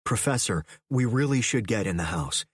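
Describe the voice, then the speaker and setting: Dude doing a no-nonsense archaeologist guy, firm and urgent, a bit husky. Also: fairly low pitch, animated, normal speed, dry recording, clean studio sound. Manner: firm, urgent, matter-of-fact. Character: confident male archaeologist, blunt and insistent.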